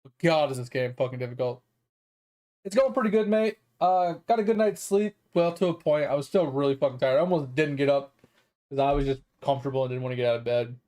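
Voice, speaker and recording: A man plays a game on stream and talks fast in a mellow, medium-pitched voice. His casual chat rambles, is thick with "like" and "um," and includes swearing now and then.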